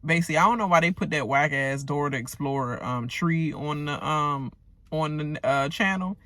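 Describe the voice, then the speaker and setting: Brief: woman vlogger, bright forceful voice, dry close sound, profane ranting TV recap. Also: low voice, normal speed, dry recording. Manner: animated, profane, joking asides.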